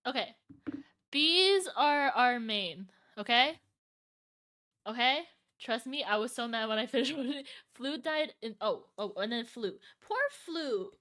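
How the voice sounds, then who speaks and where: Woman streamer, casual live chat, bright and slightly high, excitable and rambling. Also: unhurried. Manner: excitable, restarts and rambles, laughs often. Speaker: streamer reacting to a video.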